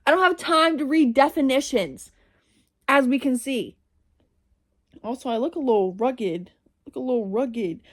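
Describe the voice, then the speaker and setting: A young woman talks to her camera in a loose, rambling way, cutting herself off and restarting her thoughts. Her voice sits a little high. Close phone or webcam sound, a casual reading vlog. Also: measured pace, pauses often. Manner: rambling, self-interrupting, laughs at herself. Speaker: reading vlogger. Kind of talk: casual chatty monologue.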